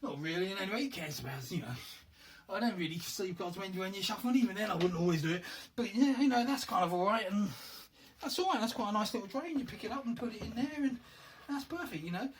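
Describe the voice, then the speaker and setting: A man's voice: high voice, expressive, fast talker, a little hiss or hum. A man rambling casually as he shows off a handmade box for a board game, thinking aloud and poking fun at himself. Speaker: hobbyist showing his handmade game box. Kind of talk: casual show-and-tell chat.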